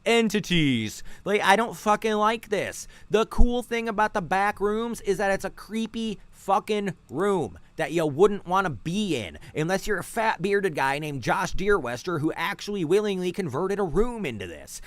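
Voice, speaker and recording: Brief: irritated podcast host, foul-mouthed, casual, pitch jumping all over. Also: male voice, fairly bright tone, no echo. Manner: profane, irritated ranting. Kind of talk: casual ranting commentary.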